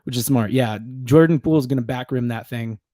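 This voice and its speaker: A man's voice: mid-range voice, brisk, warm tone, no room sound, studio quality. A man hosting a podcast, chatting casually about a game and running a giveaway, laughing easily and turning upbeat when he announces prizes. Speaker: podcast host. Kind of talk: casual sports chat, watch-party giveaway.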